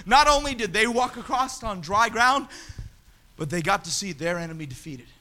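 A man preaching a sermon, emphatic and building to shouts. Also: high voice, lively intonation, moderate pace.

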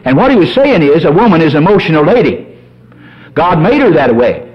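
A man preaching a sermon as a pastor, folksy and animated, telling humorous stories. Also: on the high side, a little fast, breathy edge. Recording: dull lo-fi sermon recording.

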